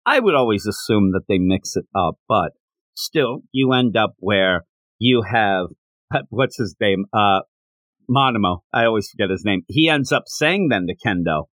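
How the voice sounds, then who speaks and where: Animated man chatting about comics. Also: on the low side, measured pace, no echo. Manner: animated, retells scenes with laughs. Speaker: podcast host. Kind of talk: casual chat reviewing a comic.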